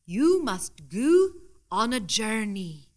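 A man's voice: high-pitched, very animated, exaggerated voice. A woman doing a theatrical shop boss with a phony accent. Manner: slow, theatrical, pronouncing.

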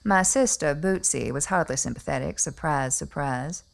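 Comic monologue: a woman playing a haughty Atlanta society mother, genteel drawl, deep voice with gravelly fry. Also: moderate pace. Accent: Southern US, Atlanta. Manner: prim, genteel and condescending. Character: snobbish wealthy Southern belle mother, middle-aged, haughty.

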